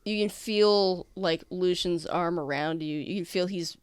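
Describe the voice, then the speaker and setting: Clear-voiced woman game master. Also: fairly low pitch, no echo, clean studio sound. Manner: casual, halting, heavy on fillers. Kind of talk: narrating a tabletop game.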